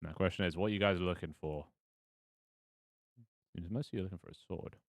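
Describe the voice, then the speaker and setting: Brief: low-voiced game master, loose and chatty, swears and ums through his streamed session, dry close mic. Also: brisk, creaky, no echo. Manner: rambling, self-mocking, with frequent fillers and swearing. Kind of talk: casual live-stream narration of a tabletop game.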